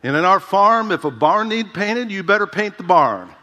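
A man's voice: high-pitched, sing-song, moderate pace, sharp tone, voice pushed up, exaggerated voice. A man voicing a folksy older male preacher with a Southern accent, speaking in a homespun drawl. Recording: reverberant hall.

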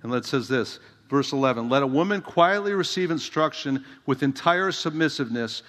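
A man's voice: mid-range voice, animated, normal speed, a bit bright. A middle-aged man preaching a sermon as a pastor, conversational and direct, often asking the congregation rhetorical questions. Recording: long hall reverb.

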